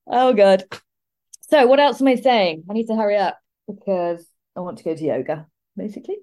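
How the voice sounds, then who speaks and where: A woman hosting an astrology podcast, talking fast in a rambling, digressive way with frequent asides. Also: medium pitch, warm tone. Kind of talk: casual solo podcast monologue.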